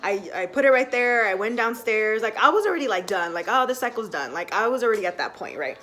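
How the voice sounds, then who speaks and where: A young woman telling a personal story to camera at home in a chatty, animated way full of fillers. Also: on the high side, fast. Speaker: vlogger.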